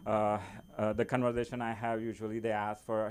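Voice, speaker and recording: A man who is not a native English speaker doing an open mic stand-up set in a small comedy club, halting, with many fillers and restarts. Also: lowish voice, completely flat delivery, faint music behind.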